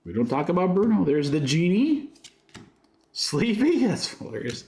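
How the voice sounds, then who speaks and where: A man's voice: high voice, very animated, moderate pace, a little mellow, reverberant. A man hosting a trading card break, rattling off card names with chatty asides to his viewers. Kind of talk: casual livestream commentary while opening packs.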